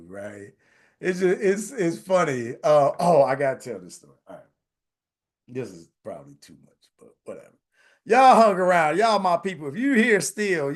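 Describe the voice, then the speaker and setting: A man in his forties hosting a live online session, telling personal stories in a casual, animated way and often asking "right?". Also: a little high. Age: 40s. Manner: animated, repeats phrases, says "right?" often. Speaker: host.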